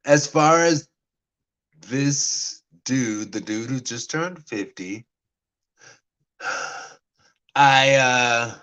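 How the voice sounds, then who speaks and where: A man talks straight to his camera in an average-pitched voice, spinning a personal story about dating. He rambles and stammers, restarts his sentences, and slips between lively bursts and quiet, mumbled asides. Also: extremely slow, long pauses, smooth, rough recording. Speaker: vlogger. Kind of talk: casual talk to camera.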